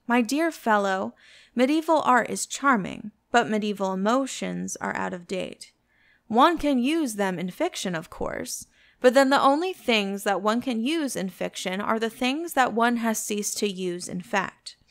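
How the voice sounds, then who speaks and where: A woman's voice: a little high, lively intonation, a little slow. Woman reading a languid cynical aristocrat. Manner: languid, epigrammatic.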